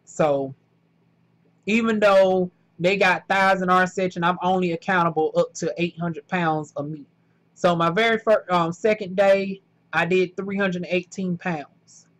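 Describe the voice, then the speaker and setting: A woman's voice: on the low side, fairly bright tone. A woman vlogger talking casually to camera about her new job, rambling a little with fillers and restarts.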